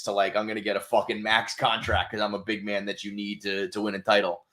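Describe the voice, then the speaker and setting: New guy on a sports podcast, gets loud and excited, swears a lot. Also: fairly low pitch, fairly quick, few pauses. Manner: animated, swears freely, voices quotes loudly. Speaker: podcast co-host. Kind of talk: casual sports chat.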